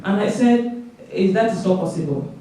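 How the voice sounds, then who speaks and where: A woman's voice: mid-range voice, animated, normal speed, dark tone, a little hiss or hum. A young woman giving a church testimony, telling her story earnestly and acting out her conversations with God. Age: young adult. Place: large church hall. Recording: echoey church hall from far off.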